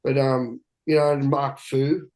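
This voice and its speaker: A man's voice: medium pitch, little pitch movement, a little slow, a little mellow, poor audio. A man, a guest telling candid stories in a rambling, profane way with many restarts. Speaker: guest, big-wave surfer. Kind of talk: candid storytelling chat.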